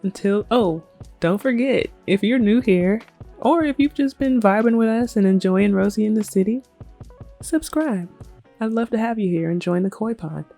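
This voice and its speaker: A woman's voice: medium pitch, lively intonation, normal speed, mellow. A woman hosting a let's play, casually narrating her game in a chatty, storytelling way. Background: faint music.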